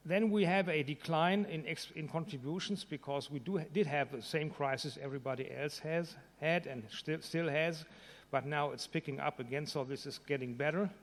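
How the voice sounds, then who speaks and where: A man giving a conference presentation, halting with fillers and restarts. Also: fairly high pitch. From Germany. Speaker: conference speaker. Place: conference hall. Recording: reverberant conference hall.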